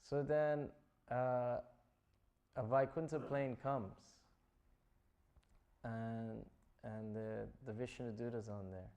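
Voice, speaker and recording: A man's voice: mid-range voice, fairly even intonation, slow, pauses often, mellow, lo-fi sound. A man giving a scripture class, retelling stories in a loose, chatty way full of "like" and "you know". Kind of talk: casual storytelling talk.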